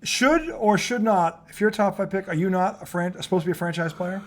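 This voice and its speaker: A man hosting a sports talk show, telling stories in an animated, profane way and acting out quotes. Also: high voice, fairly quick. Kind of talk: casual sports debate.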